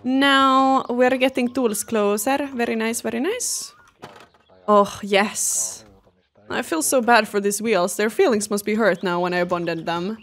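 Excitable young woman. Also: fairly high pitch, a little slow. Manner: chatty, excitable, talks to chat. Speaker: gaming streamer. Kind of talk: casual let's-play commentary. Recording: faint game music behind.

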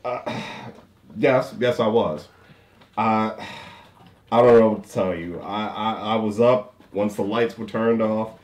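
A man's voice: fairly low pitch, steady tone, slow, darkish tone. A man playing a character in a murder mystery party game, stammering and hesitant, then laughing defensively. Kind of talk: in-character improv among friends. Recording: echoey room.

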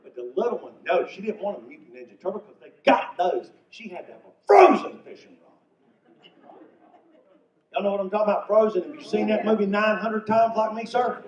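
A man's voice: high-pitched, a little fast, crowd noise. An older man from North Carolina, telling stand-up comedy stories in a folksy way. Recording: echoey venue from far off, muffled.

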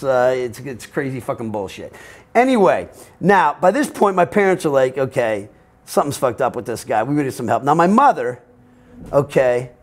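A middle-aged American man telling his own story in an interview, rambling and profane, often quoting other people. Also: fairly high pitch. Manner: profane, rambling, animated, quotes others in voices. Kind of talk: candid personal storytelling.

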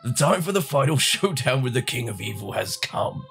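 A man's voice: mid-range voice, big pitch swings, moderate pace, creaky, fairly bright tone, soft background music. A man voicing a solemn, wise old male sage in a generic old man voice.

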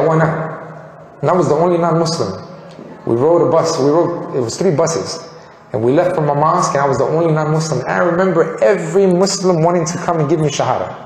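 A man from Colombia tells his life story in an earnest, animated way and voices the people he quotes. His speaking pitch sits in the middle range. He is recorded in a reverberant room with a long, echoing tail. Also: a little hiss or hum. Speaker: convert telling his story. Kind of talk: personal testimony.

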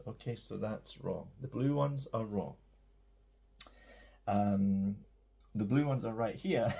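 A man's voice: lowish voice, creaky, dark tone, slightly rough. A man teaching an English grammar lesson, explaining tenses and often checking in with "okay?".

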